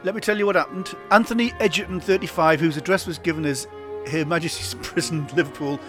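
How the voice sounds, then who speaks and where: A man's voice: a little high, fast, music in the background. A man on a podcast, laughing readily and reading out news stories. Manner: laughs readily, reads news items aloud. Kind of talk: casual chat and story reading.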